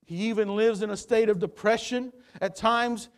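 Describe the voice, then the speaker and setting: High-pitched preacher man in a church, gets loud then drops low and quiet, repeats words now and then. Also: fairly even intonation, moderate pace, hardly any pauses. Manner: preaching with swings between loud emphasis and quiet low passages; repeats words while gathering thoughts. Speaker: pastor. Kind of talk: sermon. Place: church sanctuary.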